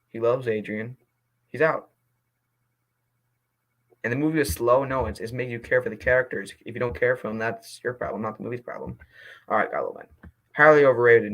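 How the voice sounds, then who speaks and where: A young man reading movie reviews aloud in a casual vlog, passionate and quick to get indignant, then apologizing. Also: mid-range voice, fairly bright tone, low-quality recording.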